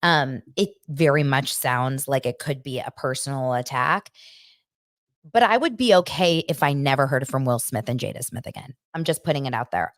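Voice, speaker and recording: A woman hosting a casual pop culture podcast, chatty and animated, with a dry close-mic sound. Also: dry recording. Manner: chatty, animated, mocks others in shrill voices. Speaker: podcast host.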